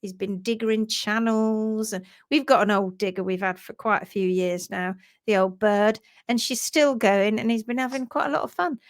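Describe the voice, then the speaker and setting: A woman's voice: medium pitch, moderate pace, few pauses. A woman hosting a livestream from her home office, chatting casually, greeting viewers by name and laughing often. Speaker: host of a horse hoof care livestream. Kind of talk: casual live chat.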